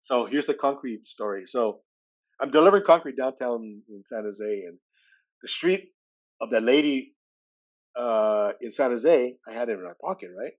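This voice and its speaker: A man in his sixties, a podcast guest from California, telling a personal story with animated delivery. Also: medium pitch, normal speed, dull audio. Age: 60s. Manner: animated storyteller who acts out dialogue with shifting voices.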